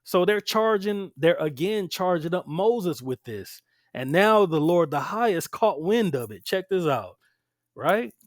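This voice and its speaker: A man's voice: sits high, animated, unhurried, dry recording, clean studio sound. A man teaching scripture aloud, reading verses and breaking in with emphatic, conversational asides to his listeners. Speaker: Bible teacher.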